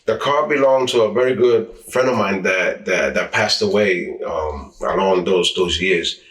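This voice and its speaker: A man's voice: sits low, unhurried, fairly bright tone, recorded from a distance. A man from the New York area, an interviewee telling casual stories, who acts out quoted dialogue and often restarts his words. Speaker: interviewee, former street racer. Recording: roomy sound, mic set back from speaker.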